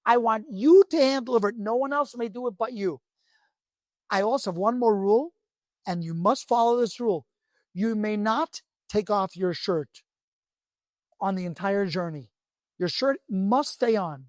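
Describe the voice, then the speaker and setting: A man's voice: high voice, normal speed, no room sound, natural voice. A man playing a stern king who gives strict orders and scolds his servant in a told tale. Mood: commanding. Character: commanding old king, quick to fury.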